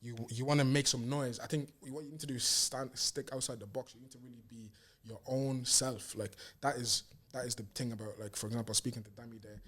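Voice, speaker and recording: A man's voice: medium pitch, steady tone, brisk, fairly bright tone, slightly rough. A man guesting on a podcast, speaking earnestly in a motivational way, with many restarts and "do you get me". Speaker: podcast guest, music manager. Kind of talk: casual chat.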